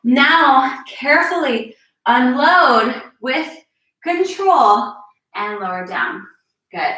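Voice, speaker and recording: Woman yoga instructor, high bright voice, slightly breathless, echoey room, distant mic. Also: expressive, extremely slow. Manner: encouraging, cueing moves while exercising. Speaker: fitness instructor. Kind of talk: live-streamed yoga class instruction.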